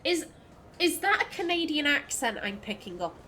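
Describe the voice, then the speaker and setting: Bright, high-voiced woman gamer. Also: sing-song, normal speed, a little hiss or hum. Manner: chatty, swears freely, laughs often. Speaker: let's play host. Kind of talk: casual gameplay commentary.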